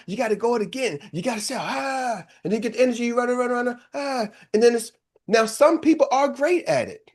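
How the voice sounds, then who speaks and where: An older man coaching a live seminar, talking in a punchy, energetic way and throwing rhetorical questions to the audience. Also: very high voice. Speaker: business coach.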